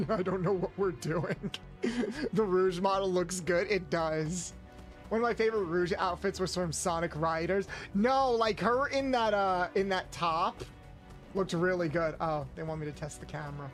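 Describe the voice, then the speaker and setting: A man's voice: sits high, moderate pace, fairly bright tone. A man streaming a video game, chatting playfully with his viewers in a loose, rambling way. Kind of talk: casual gameplay commentary. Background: faint game music.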